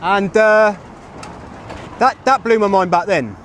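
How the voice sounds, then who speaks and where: A man's voice: high-pitched, slow pace, a bit bright. A man in his thirties, livestreaming outdoors to his chat, rambling and chatty as he talks on a phone mic. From England. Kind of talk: live street streaming to chat. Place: outdoors on a street with traffic. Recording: street traffic noise behind.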